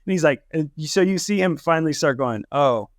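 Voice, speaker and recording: Animated man co-hosting a movie podcast. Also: fairly high pitch, quick pace, dry recording, clean studio sound. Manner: animated, laughs often, acts out quotes. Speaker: podcast co-host. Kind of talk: casual movie review chat.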